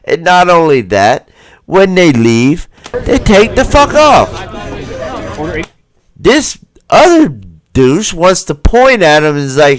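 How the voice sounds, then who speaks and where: A man comments on video footage during a livestream, taking his time and swinging his fairly high voice up and down. He swears freely and keeps pressing viewers with rhetorical questions. The sound is dry and close. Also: sing-song, takes it slowly, pauses often, no room sound. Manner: acts out the people in the footage in quoted voices. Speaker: livestream host.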